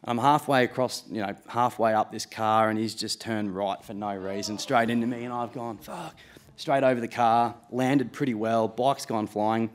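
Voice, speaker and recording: A man's voice: fairly low pitch, fairly even intonation, moderate pace, few pauses. A man in his late twenties with an Australian accent, telling a true story live on stage in a casual, self-mocking way, with swearing and laughs.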